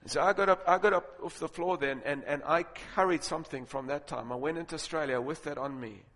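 A man preaching a sermon, telling stories and building to loud, emphatic points. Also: on the high side, a little fast. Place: large auditorium with audience. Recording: long reverb of a large hall.

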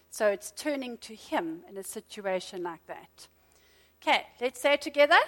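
A middle-aged woman preaching a sermon, lively and conversational, with asides to the congregation. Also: on the high side.

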